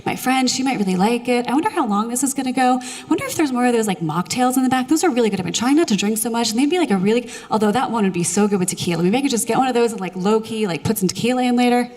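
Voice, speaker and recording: A restless, chattering inner mind, as a woman puts it on, rambles eagerly from one craving to the next. The talk runs quick and a little higher. A long hall reverb trails each line. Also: animated, darkish tone, natural voice.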